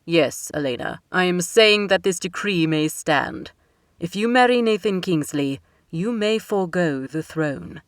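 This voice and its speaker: A woman reading an audiobook and voicing a worried older king who speaks slowly and solemnly. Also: on the low side, lively intonation, no room sound, studio quality. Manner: slow, heavy and solemn.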